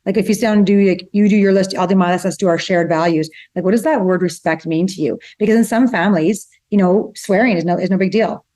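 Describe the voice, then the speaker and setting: A middle-aged woman co-hosting a relationship podcast in casual conversation, chatty and quick to retell family stories. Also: mid-range voice, steady tone, warm tone. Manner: fast, chatty, retells stories acting out both sides. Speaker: podcast co-host, relationship psychologist.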